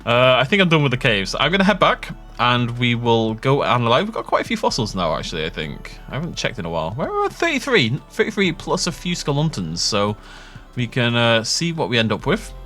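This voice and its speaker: A man's voice: mid-range voice, huge pitch swings, fairly quick, hardly any pauses, sharp tone, soft background music. Rambling guy narrating his gameplay. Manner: chatty, self-mocking, laughs often. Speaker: gaming YouTuber.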